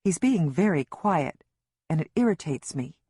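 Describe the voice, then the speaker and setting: A woman narrating an audiobook in the first person as a worried mother, measured and emotionally engaged. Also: low-pitched, animated, warm tone, husky, dry recording, clean studio sound.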